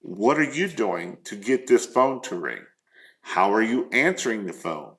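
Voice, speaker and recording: A man's voice: on the low side, sing-song, unhurried. A man coaching small business owners in a live stream, earnest and repetitive, firing off rhetorical questions.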